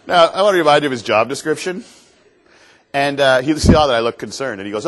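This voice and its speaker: A man from Canada gives a motivational talk from a stage, telling stories in an animated, self-deprecating way. His voice sits at an ordinary middle pitch for a man. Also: fast talker. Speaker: motivational speaker. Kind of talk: storytelling keynote talk on stage. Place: stage before an audience.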